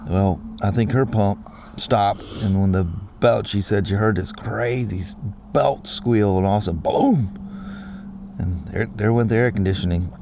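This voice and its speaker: A man's voice: on the low side, fairly even intonation, moderate pace, vocal fry, few pauses, a little mellow, slight background noise. A middle-aged man hosting a vlog, telling stories in a rambling, easygoing way with plenty of restarts. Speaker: vlog host. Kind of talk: casual chat.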